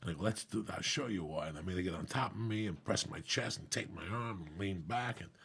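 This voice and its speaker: A man with a raspy, gravelly voice, telling stories in casual chat as a comedian guest, swearing freely and acting out what people said. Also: low voice, fairly quick, a little hiss or hum. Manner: profane, animated storyteller acting out quotes.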